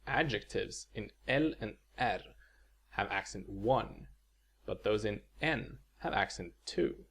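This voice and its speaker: A man giving a video lecture as a language teacher, explaining slowly and measuredly, with spoken example words. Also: on the low side, lively intonation, creaky, fairly bright tone, husky.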